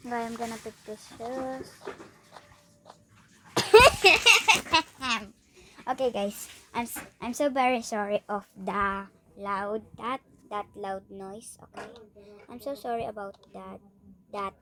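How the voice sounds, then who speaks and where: A woman's voice: on the high side, slow, background noise. A young woman chatting casually as a vlogger, often apologizing and exclaiming "oh my gosh.". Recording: loud conversation of people nearby. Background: people talking loudly about work.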